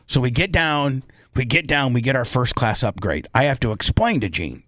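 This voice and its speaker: A man's voice: mid-range voice, normal speed, no room sound, studio quality. A male radio show host telling a story in a casual way, putting on the voices of the people in it. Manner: animated, acts out other people's voices in his story.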